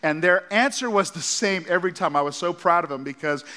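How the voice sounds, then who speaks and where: A middle-aged man, a pastor, preaching a sermon and telling stories with animated asides in a church auditorium. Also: high-pitched, brisk. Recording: long hall reverb.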